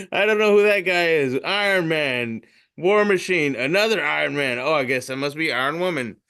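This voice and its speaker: Male comedian host, higher-pitched, bright tone; loose, profane meme reading. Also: normal speed, clear, resonant tone. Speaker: podcast host reading memes.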